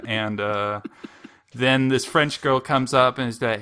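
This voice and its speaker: Young male podcast co-host, bright forceful tone, dry sarcastic recap with chuckles. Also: medium pitch, steady tone, unhurried, clear, resonant tone. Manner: wry, sarcastic storytelling with frequent chuckles. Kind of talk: casual podcast chat.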